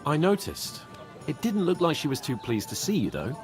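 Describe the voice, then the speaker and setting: Cocky young noble in a game, impatient and foul-mouthed, soft music behind. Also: male voice, on the high side, wildly swooping pitch, moderate pace.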